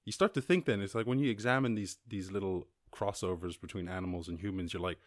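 Irish male podcast host, deep-ish voice, rambling and profane, dry sound. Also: quick pace, dry recording. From Ireland. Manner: rambling, profane, jumps into high squeaky voices for quoted people and animals. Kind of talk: casual solo podcast chat reading news.

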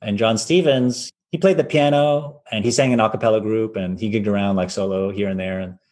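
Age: 40s. Sex: man. Role: violinist guest. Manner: animated anecdotal storyteller. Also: on the low side, a little fast. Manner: animated, acts out quoted voices, many fillers.

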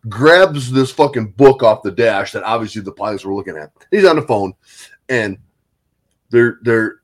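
A man in casual chat, telling profane, animated stories with lots of swearing. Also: medium pitch.

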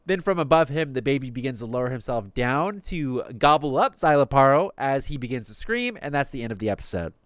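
A man's voice: medium pitch, very animated, a little fast, hardly any pauses, clean tone, no room sound, clean studio sound. A man casually recapping anime episodes on a podcast, cursing freely and slipping into the characters' lines. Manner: swears casually, acts out quotes in passing.

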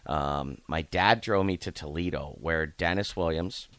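Coach type, male, low and bright, clear crisp delivery, rambling storyteller who does voices. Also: a little slow, no echo. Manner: rambling anecdotes, acts out voices of people in his stories. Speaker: hockey coach. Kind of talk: casual storytelling interview.

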